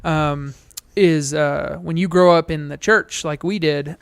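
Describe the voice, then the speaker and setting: A man's voice: fairly high pitch, fairly even intonation, a little slow, creaky, clear, resonant tone, no room sound. Young guy on a podcast, laughy and goofy, dry sound. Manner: laughing storyteller, breaks into goofy put-on voices. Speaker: podcast co-host. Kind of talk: casual chat.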